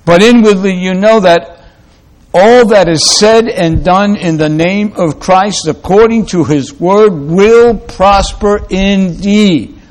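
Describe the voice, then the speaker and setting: A man preaching a sermon, slow and deliberate, repeating key phrases for emphasis. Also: high voice.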